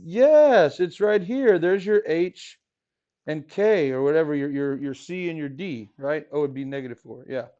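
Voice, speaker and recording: A man gives a math lesson to a classroom, his voice a little high for a man, animated and mellow at normal speed. He's casual, slips in small jokes, and keeps questioning the class. The audio is dull and lo-fi, like it was captured from the back of the room.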